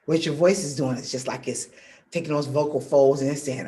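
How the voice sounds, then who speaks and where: A middle-aged woman vocal coach leading a warm-up lesson, energetic and encouraging, giving brisk, direct instructions and checking in often. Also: deep voice. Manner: energetic and encouraging, checking in with "okay?" and "all right?".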